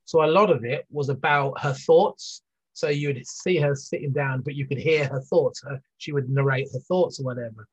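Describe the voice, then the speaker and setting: A man with a husky, slightly rough voice talks through a point as an interview guest. He circles back, restarts and fills gaps with "you know". The audio is dull and muffled. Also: medium pitch, moderate pace. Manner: rambling, many restarts and fillers. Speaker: guest, business leader. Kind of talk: conversational interview.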